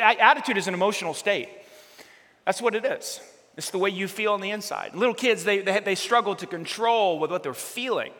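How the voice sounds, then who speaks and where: A man's voice: high-pitched, pushed and bright. A man preaching a casual, conversational sermon as a pastor, chatty and often asking the congregation questions. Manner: chatty, asks the audience questions, repeats words as he goes. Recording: long church hall reverb.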